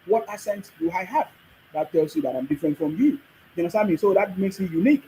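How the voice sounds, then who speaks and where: A man's voice: high-pitched, lively intonation, quick pace, warm tone, a little hiss or hum, rough recording. A middle-aged man with a Nigerian accent hosts a livestream, reading viewer comments and commenting on them in a repetitive, preachy way. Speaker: livestream host.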